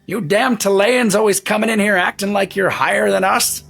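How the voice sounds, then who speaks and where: A man's voice: moderate pace, creaky, fairly bright tone, soft background music, full character voice. A man voicing a cranky, hunched old male shopkeeper who takes offense easily, in a tabletop game. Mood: indignant rant. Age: old man figure. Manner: shrill, indignant, easily outraged.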